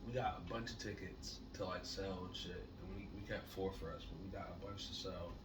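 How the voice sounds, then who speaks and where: A man co-hosting a casual podcast, telling stories in a laid-back, profane way that gets loud when he is excited. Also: deep voice, fairly quick. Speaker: podcast co-host. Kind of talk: casual storytelling chat. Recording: echoey room, mic at a distance, noisy.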